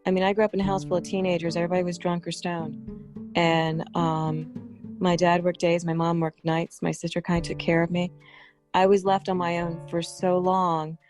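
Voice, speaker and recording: A woman's voice: fairly low pitch, little pitch movement, moderate pace, darkish tone, faint music behind. Chatty woman with a New York accent. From New York area. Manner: earnest, talkative, storytelling. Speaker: podcast guest. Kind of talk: casual conversation.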